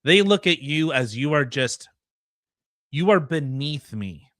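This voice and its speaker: A man's voice: fairly high pitch, lively intonation, takes it slowly, a bit bright, no room sound, clean studio sound. A man co-hosting a podcast, giving casual political commentary and reading news articles aloud with blunt, sarcastic asides. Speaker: podcast co-host.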